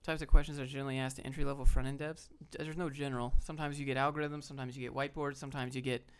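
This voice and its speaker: A man with a smooth, mid-range voice talks rapid-fire on a livestream, giving job-hunting advice. He's relaxed and blunt, swears casually, and reacts to his chat.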